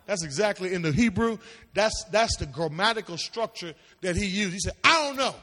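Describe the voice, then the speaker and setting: Man, high voice, bright forceful tone, preaching style, sing-song, long hall reverb. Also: moderate pace. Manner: animated, calls out to the audience, sing-song rises into shouts. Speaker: pastor teaching a seminary class. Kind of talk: preaching-style Bible teaching.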